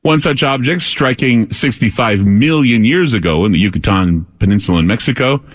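A man's voice: mid-range voice, animated, normal speed. A man hosting a late-night call-in radio show from a studio, talking in a loose, rambling way with plenty of fillers and restarts. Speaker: radio talk show host. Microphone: studio microphone.

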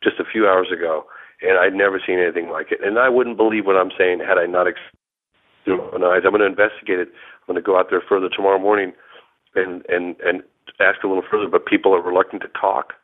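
A man calling in from a hotel room, telling his story in a rambling, halting way full of restarts. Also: deep voice, steady tone. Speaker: phone-in guest investigator. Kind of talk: excited phone-in account. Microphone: telephone. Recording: tinny phone line.

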